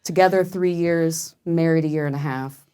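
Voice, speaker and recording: A young woman with a low voice talks on a casual podcast. She tells stories with energy and acts out the voices of the people she quotes. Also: steady tone, moderate pace, mellow, clear, resonant tone. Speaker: guest artist.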